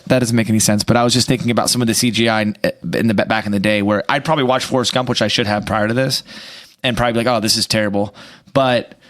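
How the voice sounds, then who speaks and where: A man's voice: medium pitch, fairly even intonation, rapid-fire, a bit bright. A man guesting on a podcast, rambling in a casual chat, with many restarts and casual swearing.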